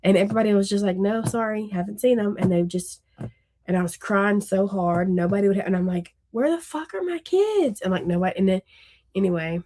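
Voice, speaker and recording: A woman, a mother of young kids, co-hosting a book podcast in casual chat, rambling and candid, laughing often and swearing freely. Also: lowish voice. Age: adult with young children.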